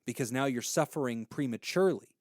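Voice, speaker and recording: A man's voice: mid-range voice, fast talker, no echo. Thirties male podcast host, earnest and heartfelt, mid-range voice, dry close sound. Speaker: podcast host giving advice. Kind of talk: casual advice podcast.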